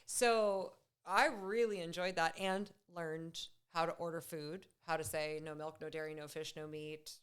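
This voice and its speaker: A woman guest in a casual podcast conversation, chatty and quick to laugh. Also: low-pitched, steady tone, smooth.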